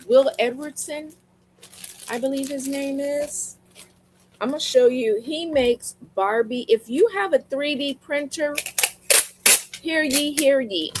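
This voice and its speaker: A woman with a fairly high voice hosts her own live sales stream. She tells chatty stories at an unhurried pace and talks straight to her viewers, repeating lines for emphasis. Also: darkish tone, a little hiss or hum, rough recording. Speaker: livestream seller. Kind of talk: casual live stream chat. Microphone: streaming mic.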